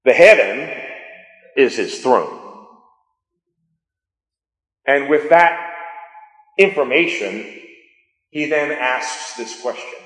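The pastor's mid-range voice, a bit bright and expressive, draws out words and leaves long pauses as he preaches in an echoey sanctuary with long reverb, captured by the sound system mic. Emphatic, he repeats key phrases and asks his congregation questions.

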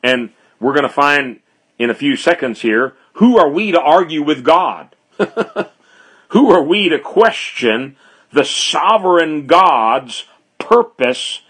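Slow, deliberate male preacher. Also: mid-range voice, a bit bright. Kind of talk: expository sermon.

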